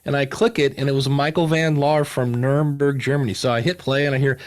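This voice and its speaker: A man, a podcasting coach, talking casually as a guest and acting out the voices in his stories with lively energy. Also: medium pitch, a little fast, hardly any pauses. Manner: animated storyteller, acts out quoted voices. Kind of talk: casual interview chat.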